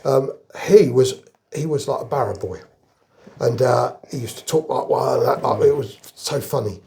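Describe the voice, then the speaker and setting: A man's voice: mid-range voice, normal speed, creaky, dark tone. An older man from England, a retired army veteran, telling rambling anecdotes in a casual interview. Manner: rambling anecdotal storyteller, chuckles through jokes.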